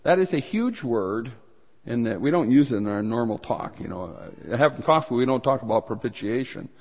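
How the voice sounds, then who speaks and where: Male pastor, earnest sermon delivery, mid pitch, dull recording in a reverberant church. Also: animated, normal speed. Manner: earnest preaching, rising and louder when reading scripture. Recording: dull sound with long hall reverb.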